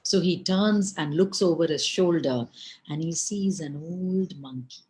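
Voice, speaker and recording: Slow, low-voiced woman storyteller. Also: poor audio. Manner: unhurried, expressive, addresses listeners with asides. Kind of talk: oral folk storytelling.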